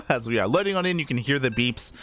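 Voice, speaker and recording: A man's voice: mid-range voice, expressive, a little fast, fairly bright tone. A man casting a live esports match, chatty, with many fillers and frequent laughs. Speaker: esports caster. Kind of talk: live game commentary.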